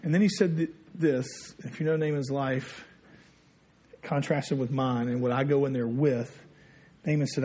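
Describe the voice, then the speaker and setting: A man's voice: medium pitch, steady tone, normal speed, mellow, a little hiss or hum. A man preaching a sermon, telling a story in a conversational way and dropping his voice when he quotes others. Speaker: pastor.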